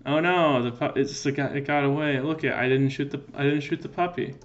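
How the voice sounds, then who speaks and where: A man's voice: mid-range voice, fairly even intonation, fairly quick, lo-fi sound. A man giving joking let's-play commentary in a playful, goofy way, answering in mock meows. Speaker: gaming video creator.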